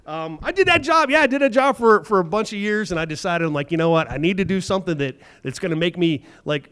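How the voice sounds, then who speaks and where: A man's voice: high-pitched, fairly bright tone. A man in his fifties doing a stand-up set in a comedy club, telling stories conversationally, acting out the other people in them, and swearing freely. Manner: conversational storytelling, acts out quoted dialogue, swears.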